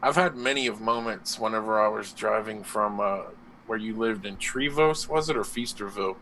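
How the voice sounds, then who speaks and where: A man's voice: fairly low pitch, normal speed, pushed and bright, a little hiss or hum, rough recording. A young man on a casual live-stream chat show, trading laid-back, crude banter. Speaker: co-host.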